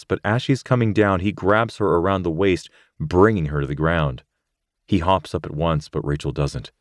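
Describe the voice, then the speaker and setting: Very deep-voiced man narrating tensely. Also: a little mellow, dry recording, studio quality. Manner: tense, emotional. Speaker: audiobook narrator. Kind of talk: first-person romance narration.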